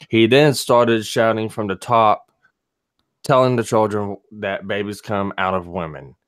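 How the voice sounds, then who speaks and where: A man reading a news story aloud in a casual chat show, steady with dry asides. His voice sits low and smooth. The recording is dry and close. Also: no echo.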